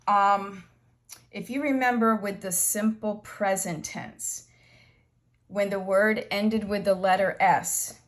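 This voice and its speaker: A woman teaching an English grammar lesson, explaining slowly and patiently with repeated examples. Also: mid-range voice.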